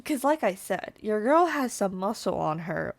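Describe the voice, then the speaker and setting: A young woman telling a story in casual vlog style, animated and swearing freely as she acts out what people said. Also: mid-range voice, moderate pace, vocal fry, dry recording. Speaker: storytime vlogger.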